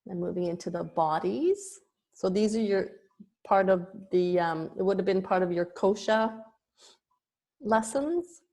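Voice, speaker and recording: A woman yoga teacher talks through an online lesson at an unhurried, deliberate pace. She explains each term patiently, now and then pausing to restart a phrase, in a voice of middling pitch. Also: warm tone.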